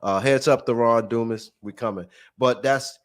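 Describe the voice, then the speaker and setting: A man's voice: mid-range voice, moderate pace. A man hosting a casual chat, explaining acting in a laid-back, earnest way.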